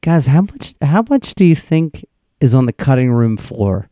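A man's voice: medium pitch, sing-song, normal speed, mellow, dry recording, studio quality. A man co-hosting a casual movie review podcast, cutting in with wry asides and corrections.

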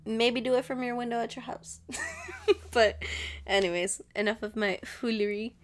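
She's a podcast host of Mexican family background whose voice is a little high, steady in tone, and moderate in pace. On her solo show she chats casually and rambles, with frequent laughter and occasional slips into Spanish.

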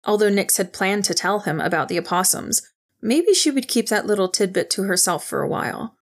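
A woman reading a novel aloud in steady, even storytelling narration. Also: lowish voice. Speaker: audiobook narrator. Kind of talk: scripted narration.

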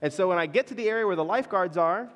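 A man's voice: high-pitched, expressive, very fast, fairly bright tone, in a large hall. A man preaching a sermon, telling stories and checking in with his listeners with "right?" after many lines. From Florida, US. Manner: storytelling, keeps checking in with "right?". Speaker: pastor.

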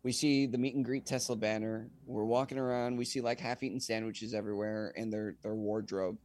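A young man, a singer-songwriter guest on a podcast, telling a casual anecdote in an animated way and acting out the dialogue. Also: lowish voice, brisk. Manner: animated, acts out quoted dialogue.

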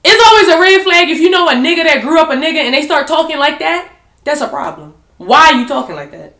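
A woman's voice: sits high, lively intonation, quick pace, a bit bright, echoey room. A woman co-hosting a podcast, talking in a blunt, heated and profane way in casual chat. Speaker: podcast co-host.

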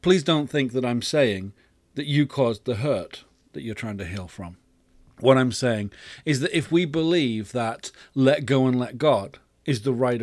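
A man's voice: medium pitch, darkish tone, no echo, studio quality. A man hosting a podcast, giving a reflective faith teaching in an earnest, storytelling way. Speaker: podcast host.

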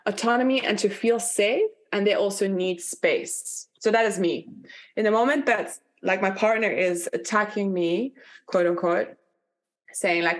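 A woman's voice: mid-range voice, normal speed. A woman leading a live online workshop, talking candidly and chattily, full of "like" fillers and blunt swearing. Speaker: workshop facilitator.

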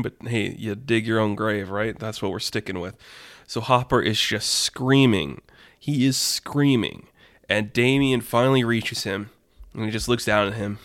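A man hosting a podcast, telling a story in a casual, animated, rambling way with lots of fillers. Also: fairly low pitch, dry recording, studio quality. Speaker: podcast host.

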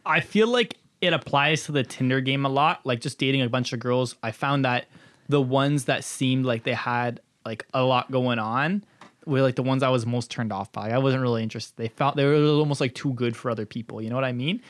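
A man's voice: medium pitch, brisk. A man in a casual podcast chat, telling stories with lots of fillers and acting out the people in them. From Canada. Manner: animated, filler-heavy storyteller who acts out voices.

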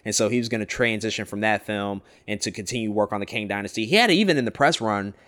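A man's voice: fairly low pitch, a bit bright. A man co-hosting a pop culture podcast, talking through entertainment news in a casual, analytical way. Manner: brisk, analytical, rambling asides. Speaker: podcast co-host.

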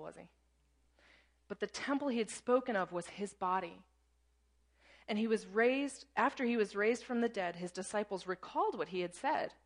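A woman preaching a sermon in a conversational teaching style, often checking in with "right?" between points. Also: medium pitch. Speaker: pastor.

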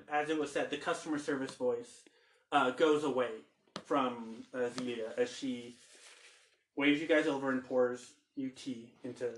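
A man's voice: mid-range voice, reverberant, a little hiss or hum, poor audio. A man narrating a tabletop game as game master, loose and chatty with many fillers.

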